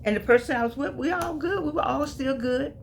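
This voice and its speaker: An older woman in her late seventies tells her story straight to her viewers, her voice sitting somewhat high. She leans hard on her words and says them again and again, calling the listener honey and baby. A faint hum of noise runs underneath. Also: a little fast, vocal fry. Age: 70s. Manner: emphatic, repeats phrases, calls viewers honey and baby. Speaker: vlogger. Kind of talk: personal storytelling to camera.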